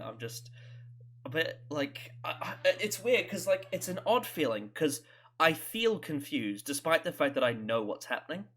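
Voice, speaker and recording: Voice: mid-range voice, a bit bright, a little hiss or hum. A host giving casual, rambling reaction commentary, stammering and laughing often between thoughts. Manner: swears casually.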